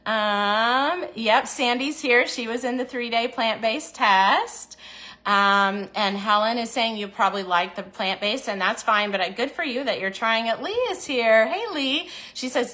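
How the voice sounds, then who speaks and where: Bright-voiced woman hosting a chatty livestream. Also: on the high side, expressive, unhurried. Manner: encouraging, chatty, reads viewer comments aloud; acts out little inner voices in quotes. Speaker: diet program host. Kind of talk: casual livestream chat with viewers.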